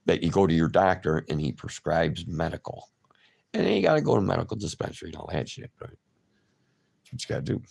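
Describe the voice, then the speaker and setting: A man's voice: sits low, lively intonation, fairly quick, vocal fry, darkish tone, slightly rough. A man hosting a casual livestream, chatting loosely and answering viewer comments by name. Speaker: livestream host.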